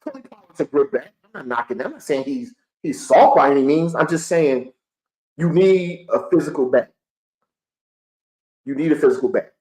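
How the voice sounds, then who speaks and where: Heated sports-show host ranting. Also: male voice, mid-range voice, mellow, poor audio. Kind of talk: live-streamed fan sports commentary.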